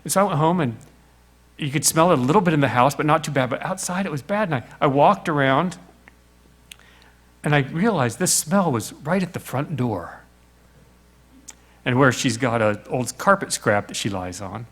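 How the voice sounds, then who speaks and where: A man's voice: fairly high pitch, animated, moderate pace, long pauses. A middle-aged man preaching a sermon, telling the story with little acted voices and rhetorical questions.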